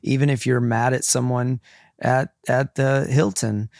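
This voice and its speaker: A man's voice: medium pitch, steady tone, measured pace, gravelly, a little mellow, no room sound, studio quality. A man co-hosting a podcast, speaking in a reflective, candid way and laughing easily. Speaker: podcast co-host. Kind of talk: casual chat.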